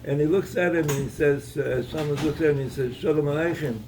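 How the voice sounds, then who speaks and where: A man giving a Torah talk at an evening gathering, telling a story in a halting way, with many repeated words and restarts. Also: fairly high pitch, steady tone, distant mic, noisy background.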